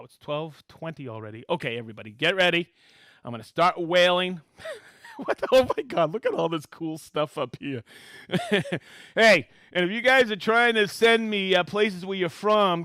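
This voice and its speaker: Excitable man hosting a lively live stream. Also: fairly high pitch, no echo. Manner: excitable, laughing often, calling out to the room. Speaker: host of a live tool demonstration show. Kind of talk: live-stream presenting and reading viewer shout-outs.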